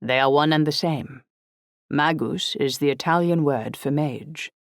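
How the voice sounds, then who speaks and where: A woman voicing a formal, precise older man who speaks in clipped, measured sentences. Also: low voice, no room sound. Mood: stern. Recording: dry close audiobook recording.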